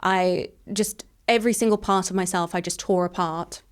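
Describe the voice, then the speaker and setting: Speaking in a lowish, steady voice with a clean tone, an English woman in her thirties tells her personal story as an interview guest. Her account is frank and quick, sprinkled with plenty of "like."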